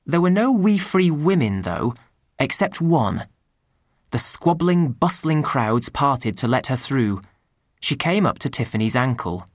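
A woman narrating a storybook with an expressive, animated delivery that rises and falls through the story. She sits close to the mic, and the sound is dry with no room around it. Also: very deep voice, dry recording. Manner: expressive, lively reading. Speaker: audiobook narrator.

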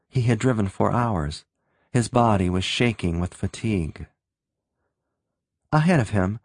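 A man narrating a story in a steady, measured reading voice. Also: medium pitch, no echo, studio quality. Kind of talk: audiobook narration.

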